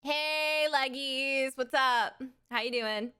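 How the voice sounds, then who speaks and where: A woman streamer chatting casually and excitably with her audience, full of crude jokes and giggles. Her voice sits fairly high, with a bright, sharp edge. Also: slow pace, slight background noise. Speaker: live streamer. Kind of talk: casual live-stream chat.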